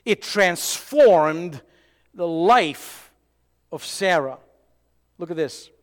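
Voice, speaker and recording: A man preaching a sermon in an animated way, acting out dialogue and swinging from loud to hushed. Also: sits high, drawn-out words, long reverb tail. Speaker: pastor.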